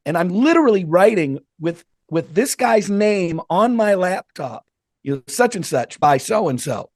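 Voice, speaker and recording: A middle-aged man spins anecdotes as a podcast guest, slipping into the voices of the people in his stories. His voice sits a little high. The sound is dry and close, with no room around it. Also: normal speed, no echo. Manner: animated, acts out quoted voices. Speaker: guest author. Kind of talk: storytelling in a podcast interview.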